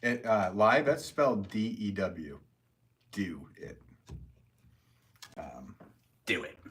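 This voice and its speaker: Chatty low-voiced potter streaming live. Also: male voice, sing-song, slow, pauses often, background noise. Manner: rambling, chatty, filler-heavy, laughs often. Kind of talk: casual live-stream chat while working.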